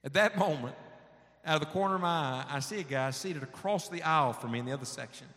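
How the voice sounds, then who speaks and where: A man's voice: a little high, fast, a bit bright. A man preaching a sermon, telling a personal story in a folksy way and acting out the dialogue. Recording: long hall reverb.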